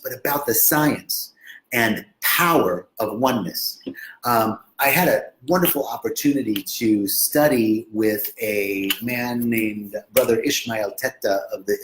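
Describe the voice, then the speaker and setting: Chatty man in an echoey room. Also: medium pitch. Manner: loose and chatty, many fillers, greets viewers by name. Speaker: host of a retreat center's live video. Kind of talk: casual live-streamed talk.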